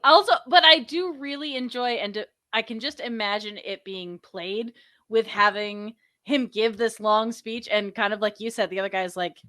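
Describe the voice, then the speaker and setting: A woman co-hosting a casual chat while she sketches, laughing often and reacting quickly. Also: mid-range voice, a bit bright. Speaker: co-host sketching along.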